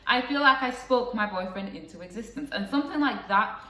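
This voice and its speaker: A woman's voice: fairly high pitch, animated, brisk, a bit bright, reverberant, far from the mic. A young woman telling a personal story to camera in a casual, rambling way, with lots of fillers and asides. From England. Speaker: vlogger.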